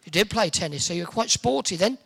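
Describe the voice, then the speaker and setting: A man's voice: high-pitched, animated, gravelly, a bit bright, slightly rough. A man from Hertfordshire, hosting a live event and bantering cheekily with the audience in an indoor hall. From Hertfordshire, England. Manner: joking, teasing, quick with quips. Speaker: host working the audience.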